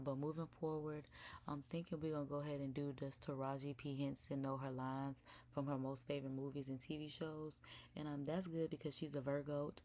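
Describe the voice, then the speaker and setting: A young woman hosting a casual live stream from home, chatting to viewers as y'all and sometimes dropping to a soft whisper. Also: extremely low pitch. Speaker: live-stream react host. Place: indoors at home.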